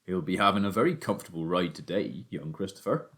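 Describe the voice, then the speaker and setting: Low, steady country father, voiced by a male reader. Earnest and plain-spoken, with an expressive delivery. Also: fast. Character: a boy's father, a rural working man.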